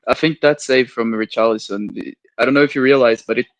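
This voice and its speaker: A man's voice: mid-range voice, brisk, no room sound, low-quality recording. A man co-hosting a football chat stream, breaking down plays in an analytical way. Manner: analytical, interjecting. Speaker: co-host.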